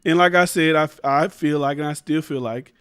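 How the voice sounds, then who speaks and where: A high-pitched man rants through his own commentary show. He talks emphatically, swears a lot and trips over restarts. The sound is close and dry, with little room echo. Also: fairly quick, fairly bright tone, clear, resonant tone. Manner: emphatic, rambling, profane, restarts mid-sentence. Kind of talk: casual opinion commentary.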